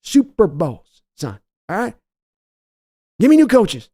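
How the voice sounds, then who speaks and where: A man putting on the voice of a domineering older team owner who yells at and scolds his grown son. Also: high-pitched, huge pitch swings, slow, slightly rough, no echo, clean studio sound, pitched above the performer's own voice, exaggerated voice. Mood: scolding.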